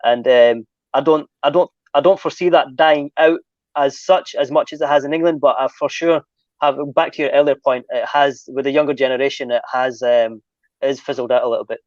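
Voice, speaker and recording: Man in relaxed panel chat, dry sound. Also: mid-range voice, fairly quick, dry recording, lo-fi sound. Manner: relaxed, chatty, laughs easily. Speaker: host.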